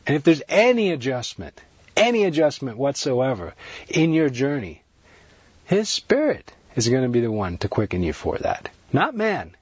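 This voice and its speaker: A man's voice: medium pitch, sing-song, normal speed, breathy edge, no room sound. A man preaching a sermon to a broadcast audience, earnest and repetitive, building his points with rising emphasis. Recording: dry, dull lo-fi sound.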